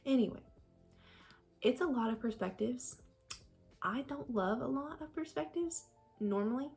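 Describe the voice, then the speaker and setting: A woman's voice: medium pitch, creaky, darkish tone. A woman chatting casually about a book she is reading, rambling with lots of fillers. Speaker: book vlogger. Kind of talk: casual book review chat.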